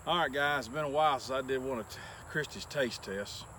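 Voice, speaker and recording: A man's voice: mid-range voice, brisk, bright, forceful tone, slight background noise. A man doing a casual taste test with crude folksy humor, out of breath from working. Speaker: taste tester on a cooking channel.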